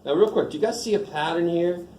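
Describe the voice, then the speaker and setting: A man's voice: high-pitched, quick pace, a little mellow, slight background noise. A man teaching a math class in a casual lecture, joking and quizzing the students. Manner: joking, informal, asks the class questions. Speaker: math instructor. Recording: echoey classroom, faint ambience.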